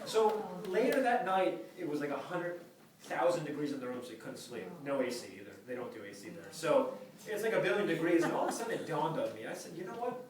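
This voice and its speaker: A man's voice: a little high, big pitch swings, quick pace, crowd noise. A man telling a comic story in a casual way, acting out the quotes and laughing through his lines. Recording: echoey room, distant mic, loud noise.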